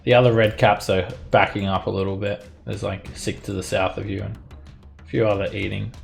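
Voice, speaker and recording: Gravelly low-voiced man running the game. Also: a little fast, soft background music. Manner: lively descriptive narration with chuckles. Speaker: dungeon master. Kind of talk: narrating a tabletop game over voice chat.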